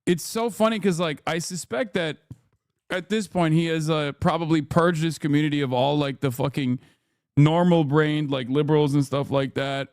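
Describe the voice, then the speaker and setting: A man's voice: a little high, fairly even intonation, normal speed, a little mellow, dry recording, clean studio sound. A man hosting a live stream, giving heated, mocking political commentary with lots of cursing and filler words. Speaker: streamer host reacting to clips. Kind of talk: profane political reaction commentary.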